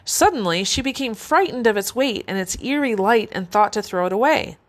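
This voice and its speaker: A woman narrating a fairy tale in a measured, expressive way. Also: fairly high pitch. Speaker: storyteller.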